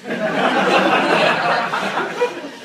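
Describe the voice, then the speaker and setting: Animated storytelling man, distant mic. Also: extremely slow, heavy reverb, crowd noise. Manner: acts out quoted people, often dropping low and soft for them. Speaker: theology lecturer telling a story. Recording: distant mic, noisy live room.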